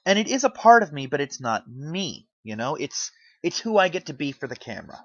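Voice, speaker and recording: A man's voice: on the high side, big pitch swings, a little fast, no room sound, dull audio. A man giving an earnest, pleading rant to his audience, rambling with restarts as he speaks from the heart. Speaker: YouTuber. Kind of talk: earnest spoken rant to camera. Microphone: home microphone.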